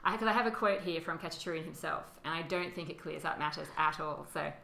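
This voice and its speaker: A woman's voice: low voice, fast talker, vocal fry, sharp tone, slight background noise. A woman co-hosting a podcast, explaining history in a chatty way, with fillers and frequent laughter. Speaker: podcast co-host. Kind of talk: casual conversational history chat. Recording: roomy echo.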